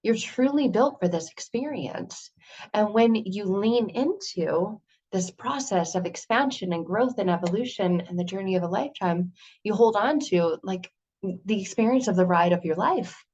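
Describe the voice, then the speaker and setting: An earnest woman delivers a motivational talk in a mid-pitched voice, firing off rhetorical questions with lively energy. The recording sounds a little dull and lo-fi. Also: normal speed, slightly rough. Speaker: motivational speaker.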